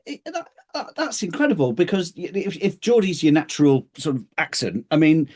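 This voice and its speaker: Lively, playful man co-host. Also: on the high side, a little fast. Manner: playful, stumbling restarts. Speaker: podcast co-host. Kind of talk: casual chat.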